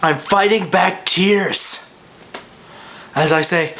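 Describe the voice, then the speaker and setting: A young man telling a funny personal story, jumping from excited yelps to hushed whispers. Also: high-pitched, measured pace, slight background noise.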